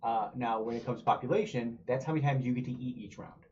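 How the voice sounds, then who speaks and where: A man's voice: medium pitch, quick pace, darkish tone, a little hiss or hum. Man patiently explaining game rules. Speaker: board game show regular. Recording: dull lo-fi stream audio.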